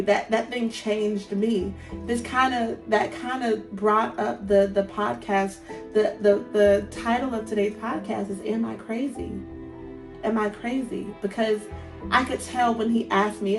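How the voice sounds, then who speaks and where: A woman's voice: medium pitch, creaky. A woman in her thirties hosting a faith podcast, talking earnestly and encouragingly and repeating phrases for emphasis. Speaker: podcast host.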